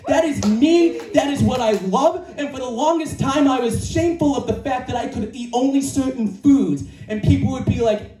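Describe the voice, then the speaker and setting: A man's voice: extremely high pitch, lively intonation, moderate pace, hardly any pauses, mellow. A man giving a personal motivational talk at a live event, earnest and emphatic, often repeating his key phrases. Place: indoor creative venue, live audience. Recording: echoey room from far off, faint music.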